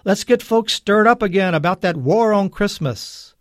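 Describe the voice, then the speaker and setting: A man's voice: high voice, normal speed, a bit bright, no room sound, studio quality. A man doing a blustering, fussy politician.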